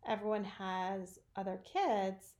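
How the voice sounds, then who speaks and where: A woman's voice: mid-range voice, slow, highs cut off. A middle-aged woman hosting a candid conversation about grief, frank and wry as she tells stories. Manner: frank, wry, animated storytelling. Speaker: podcast host.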